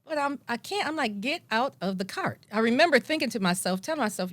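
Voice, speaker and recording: A woman telling her own story in a lively way, acting out her past thoughts. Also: fairly high pitch, fast talker, dry recording. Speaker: guest. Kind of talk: personal storytelling.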